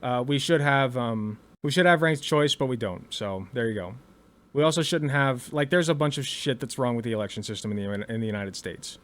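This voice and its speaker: A man's voice: mid-range voice, fairly quick, fairly bright tone. A man giving blunt, heated commentary, swearing freely and stumbling over restarts when worked up. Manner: blunt, profane and emphatic. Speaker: political commentator.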